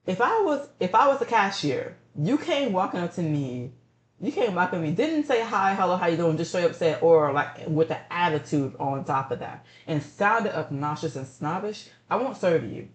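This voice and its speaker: A man's voice: normal speed, echoey room. A man streaming and chatting casually, ranting about rude messages and repeating himself. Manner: ranting, repeats himself, animated pitch jumps.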